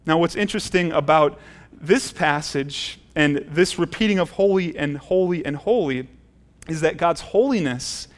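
A middle-aged male pastor preaching a sermon in a church, earnest, often repeating words as he restarts his phrases. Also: a little high. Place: church sanctuary.

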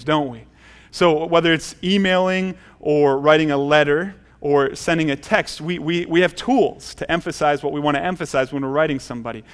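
Earnest man preaching a sermon. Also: a little high. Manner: earnest, repeats words as he restarts phrases. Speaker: pastor. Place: church sanctuary.

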